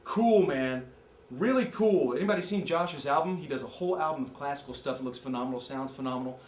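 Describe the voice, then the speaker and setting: A man giving a joking, excitable movie review rant, from the American Midwest. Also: mid-range voice, quick pace, roomy sound. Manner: joking, excitable, jumps into mocking voices. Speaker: amateur movie critic.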